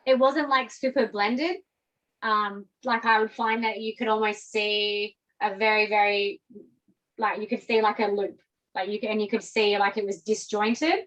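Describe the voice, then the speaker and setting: A woman's voice: medium pitch, little pitch movement, moderate pace, a bit bright, rough recording. A woman with an Australian accent, chatting animatedly while she demonstrates braiding on a mannequin as the teacher of a hair lesson. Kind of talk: casual hair braiding tutorial on a video call.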